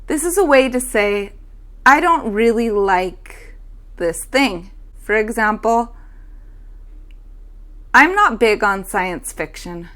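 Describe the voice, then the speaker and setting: A young woman hosting an English lesson, saying everyday phrases slowly and carefully for learners. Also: a little high, lively intonation, pushed and bright. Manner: slow, careful demonstration of phrases. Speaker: English teacher. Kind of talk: language lesson.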